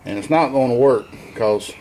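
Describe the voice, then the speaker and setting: A man's voice: medium pitch, normal speed, darkish tone, a little hiss or hum. A man in his garage, rambling casually through an engine install with lots of fillers and self-corrections. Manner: plainspoken, easygoing. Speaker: home mechanic vlogger. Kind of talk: casual shop walkthrough. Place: home garage shop.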